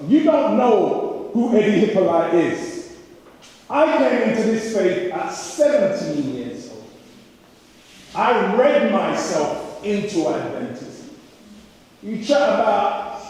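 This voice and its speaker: A man's voice: high-pitched, lively intonation, takes it slowly, long pauses, darkish tone. A man with a Jamaican accent preaching an impassioned sermon as a pastor, building his points with repeated rhetorical questions. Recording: echoey hall, mic from far off.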